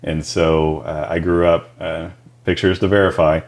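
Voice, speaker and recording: A man from Texas talking as a guest in a podcast interview, easygoing and agreeable. His voice is very deep. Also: flat delivery, normal speed. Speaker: guest, company founder.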